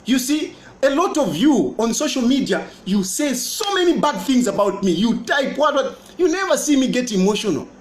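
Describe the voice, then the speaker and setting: A man's voice: extremely high pitch, big pitch swings, normal speed, hardly any pauses. A politician with a Zambian accent talking to camera, boastful and mocking, repeating his points. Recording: roomy echo.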